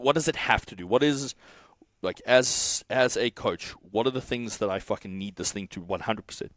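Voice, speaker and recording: Low-voiced sweary man telling a story. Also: fairly bright tone, no room sound. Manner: swears often, rambling with restarts. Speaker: coach and software co-founder. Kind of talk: casual podcast storytelling.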